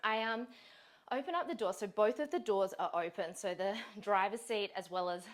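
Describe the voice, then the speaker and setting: A woman, a fitness coach and host, telling a story in casual chat, animated, laughing often and swearing freely. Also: medium pitch, moderate pace.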